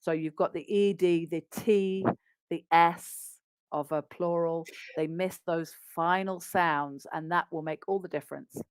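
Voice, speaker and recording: An English RP woman speaks as a business English coach, laying out practical advice in a bright, upbeat way. Her voice sits fairly low for a woman. It sounds dry and close, with no room echo. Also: steady tone, unhurried, smooth. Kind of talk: conversational interview.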